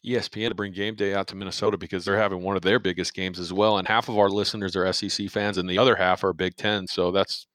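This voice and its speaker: Deep-voiced man chatting sports picks. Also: flat delivery, quick pace, few pauses, fairly bright tone, dry recording. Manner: joking, rambling, trails off with fillers. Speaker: podcast co-host. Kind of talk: casual sports betting chat.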